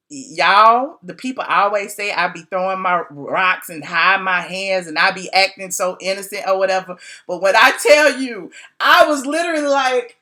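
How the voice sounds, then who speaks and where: A middle-aged woman blogger spilling gossip to her viewers in casual speech, acting out quotes in a high voice and laughing often. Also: animated, moderate pace, pushed and bright. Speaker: blogger doing a live video.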